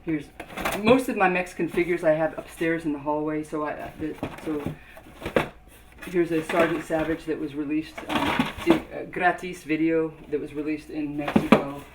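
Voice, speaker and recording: A woman toy collector casually showing her collection, halting with many ums and restarts as she reads labels aloud. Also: low voice, steady tone. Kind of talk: casual show-and-tell narration. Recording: noisy home video.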